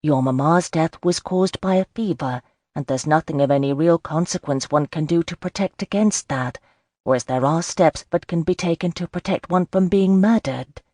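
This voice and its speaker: A woman's voice: low voice, moderate pace, mellow, dry recording. A woman doing a wry, teasing Regency lady. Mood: reasoning. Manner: dry, teasing. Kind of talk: audiobook character voice.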